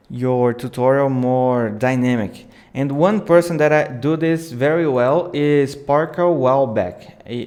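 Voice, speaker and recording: A man hosting a live video editing tutorial, thinking aloud in unhurried, with small slips. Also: medium pitch, a little mellow. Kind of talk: live screen-share tutorial.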